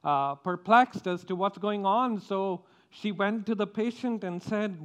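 A male pastor gives church announcements at a slow, unhurried pace. His voice sits a little high and comes through smooth and clear. He talks haltingly, restarting phrases and pausing often. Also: animated. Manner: halting, many restarts and pauses.

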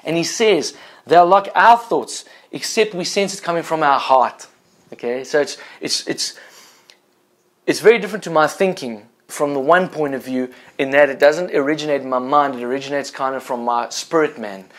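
A middle-aged man preaching an informal online sermon, talking casually with many restarts and dropping to a soft, low voice on reflective points. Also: normal speed. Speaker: pastor.

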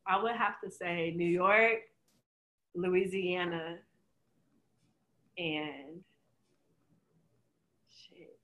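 A woman's voice: lowish voice, very slow, long pauses, echoey room. A woman, chatting casually as co-host and speeding up when she makes a point. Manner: animated, laughs often, speeds up when making a point. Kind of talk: casual chat.

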